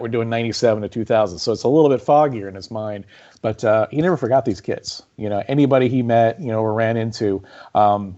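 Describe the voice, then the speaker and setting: A man's voice: on the low side, lo-fi sound. A man, a guest author on a podcast, telling stories animatedly with plenty of fillers and restarts. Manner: animated storyteller, many fillers and repeats. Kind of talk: conversational storytelling on a podcast.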